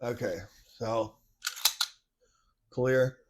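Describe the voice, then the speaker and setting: A man's voice: medium pitch, steady tone, extremely slow, background noise. A man hosting a podcast, talking casually in a loose, rambling way with many restarts, blunt and mocking at times. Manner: blunt and mocking, with occasional swearing. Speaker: podcast host. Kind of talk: casual monologue commentary.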